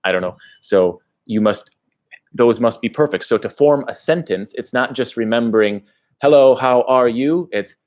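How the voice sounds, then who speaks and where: A man's voice: fairly low pitch, moderate pace, a little mellow. A man who vlogs about his travels, chatting casually on a livestream and rambling through answers to viewer questions. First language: English. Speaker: travel vlogger.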